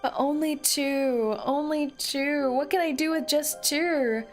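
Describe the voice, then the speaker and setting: High-voiced, slow-talking excitable woman streamer. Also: faint music behind. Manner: excitable, drawn-out whining cries. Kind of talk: casual gameplay commentary.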